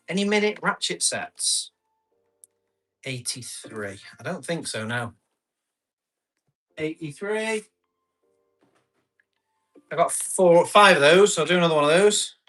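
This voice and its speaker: Running a live tool auction, a man chats casually in a fairly high, pushed, bright voice. He reads out bids and comments, laughs often, and keeps up a relaxed live-stream selling patter.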